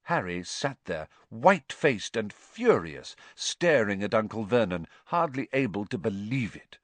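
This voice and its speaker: A man reading a story aloud with an expressive, lively delivery. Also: on the low side, unhurried, no room sound. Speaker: audiobook narrator. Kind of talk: scripted storybook narration.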